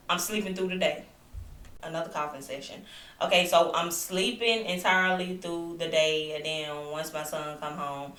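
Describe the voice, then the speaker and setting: Young woman, lingering cough, chatty storytelling, low bright voice, echoey room off-mic. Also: far from the mic. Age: young adult. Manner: chatty, animated retelling with asides to viewers. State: recovering from illness, lingering cough. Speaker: vlogger. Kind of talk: casual storytelling to camera. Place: home, indoors.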